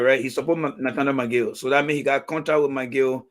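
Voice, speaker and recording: A man's voice: medium pitch, fairly even intonation, fairly quick. A man with a Liberian English accent hosting a political livestream, reading viewer comments and bluntly calling people out. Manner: blunt, repetitive, calls out commenters. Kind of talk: live stream talk reading comments.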